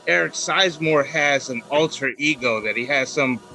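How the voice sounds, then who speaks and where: A man's voice: a little high, moderate pace, gravelly, rough recording. A man joking and ribbing friends in casual banter over a video call. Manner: animated, joking.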